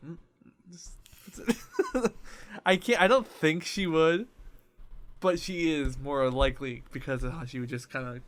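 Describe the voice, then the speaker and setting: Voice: medium pitch, steady tone, normal speed. A young adult co-hosting a casual comedy podcast, joking loosely with stumbling restarts. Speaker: podcast co-host.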